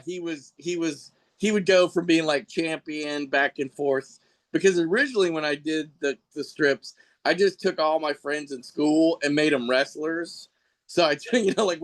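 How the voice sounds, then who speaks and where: Man, podcast guest, slightly high voice, rambling casual chat, laughs a lot. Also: fairly bright tone. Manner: rambling, laughs often, mimics people in quotes.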